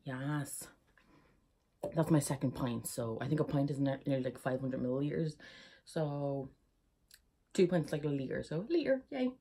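A woman's voice: rumbling low, lively intonation, moderate pace, long pauses, mellow, husky. A young Irish woman chatting casually in a vlog, giggly and rambling, laughing often. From Ireland. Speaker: YouTuber.

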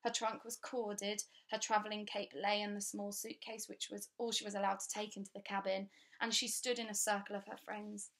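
A woman reading a children's story aloud with clear, steady, expressive storytelling. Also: mid-range voice, a little fast. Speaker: audiobook reader.

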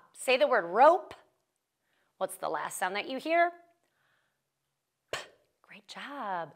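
A young woman who teaches first grade, leading a children's phonics lesson with slow, clear and encouraging talk. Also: a little high, bright, forceful tone.

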